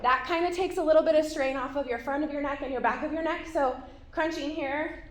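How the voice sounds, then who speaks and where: A woman's voice: high-pitched, fairly quick, reverberant, slight background noise. A woman leading an ab workout, talking through each move while doing it and sometimes out of breath. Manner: encouraging, talks through exercises while doing them. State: out of breath at times. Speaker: fitness instructor. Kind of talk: workout instruction.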